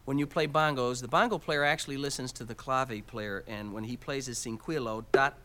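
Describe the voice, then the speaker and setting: A man's voice: medium pitch, steady tone, a little fast. A man teaching Latin percussion, explaining each instrument step by step and counting out beats aloud. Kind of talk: instructional demonstration. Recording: loud background noise.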